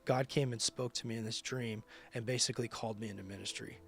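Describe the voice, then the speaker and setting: Man, mid-pitched voice, ministry leader, personal testimony, emphatic, casual slang. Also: steady tone, quick pace, vocal fry.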